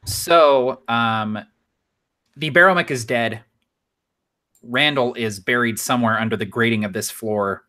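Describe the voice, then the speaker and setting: A man's voice: mid-range voice, a little slow, pauses often, sharp tone. A man running a tabletop game as game master, narrating scenes with enthusiasm and tossing in self-deprecating jokes.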